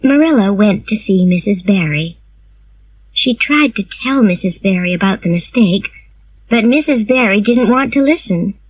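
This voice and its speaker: A woman reading a simplified storybook aloud, slow, clear and expressive. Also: medium pitch. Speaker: narrator.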